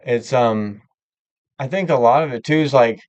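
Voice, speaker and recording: A man's voice: mid-range voice, normal speed, dry recording, low-quality recording. A man hosting a live stream, talking candidly and rambling with many filler words in casual chat. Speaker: livestream host.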